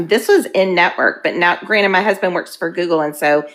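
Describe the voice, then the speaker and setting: A woman in her fifties candidly sharing her recovery story, earnest and halting, weepy and emotional. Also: lowish voice, a bit bright. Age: 50s. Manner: earnest, halting, with frequent ums.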